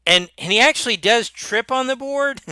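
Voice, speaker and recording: A man narrating as game master of a tabletop role-playing game, with many halting restarts. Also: very high voice, sharp tone, smooth, dry recording.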